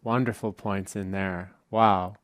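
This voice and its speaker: A man hosts a podcast and asks his guest reflective questions. He speaks slowly with a smooth, clear voice. He sounds dry and close to the mic. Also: low-pitched, steady tone, dry recording. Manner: slow, reflective. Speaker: podcast host. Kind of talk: interview questions.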